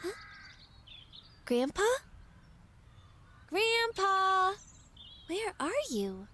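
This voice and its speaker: Actress as a hesitant young florist: very high, slow, stammering, in a close, dry booth sound. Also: female voice, big pitch swings, sharp tone, full character voice. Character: shaken young woman flower shop owner.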